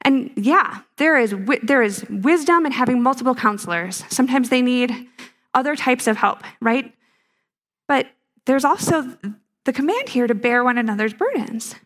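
A woman's voice: high-pitched, animated, moderate pace, a bit bright. A woman giving a conversational teaching talk to a live audience, playful and full of rhetorical questions. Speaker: speaker at a ministry teaching.

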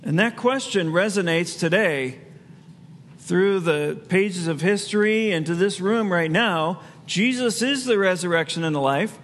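A man's voice: high voice, a little slow, fairly bright tone, long reverb tail. A man preaching a sermon as pastor, in a conversational way with asides he laughs at himself.

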